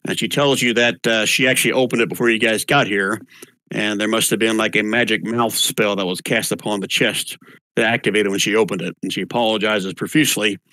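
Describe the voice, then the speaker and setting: A man running a tabletop game as game master, narrating scenes and reading letters aloud in a steady voice. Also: lowish voice, a little fast, dry recording, rough recording.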